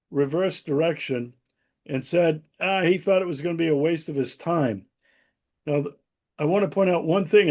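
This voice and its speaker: Measured male interview host, slightly high voice. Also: darkish tone. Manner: measured questioning, laughs easily. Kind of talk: casual political interview.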